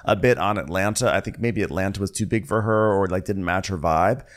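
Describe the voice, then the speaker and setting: A man's voice: deep voice, brisk. A man co-hosting a podcast, recapping in a rambling, casual way with lots of filler words. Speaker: podcast co-host.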